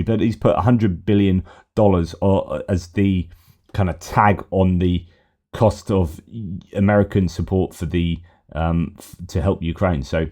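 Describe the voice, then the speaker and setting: A man's voice: sits low, warm tone. A middle-aged man from Britain hosting a news update, rambling and correcting himself as he thinks aloud. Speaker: host of a war news channel. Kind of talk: casual news commentary.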